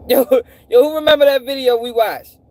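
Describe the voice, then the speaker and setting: A man hosting a live stream, animated and profane, repeating himself and firing off rhetorical questions. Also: extremely high pitch, brisk, no echo. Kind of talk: casual commentary to a live audience.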